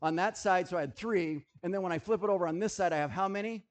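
A man preaching a sermon, animated and jokey, who keeps checking that his listeners are following. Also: sits high, very fast. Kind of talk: sermon with object lessons.

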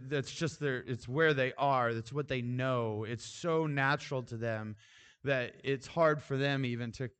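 Man preaching in a casual, conversational way. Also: medium pitch. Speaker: pastor. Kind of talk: sermon.

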